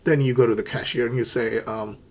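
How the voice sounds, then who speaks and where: A brisk, steady man with a medium-pitched voice gives learners an English lesson on shopping phrases. He explains step by step, plays out brief shop conversations, and keeps checking in with words like "okay".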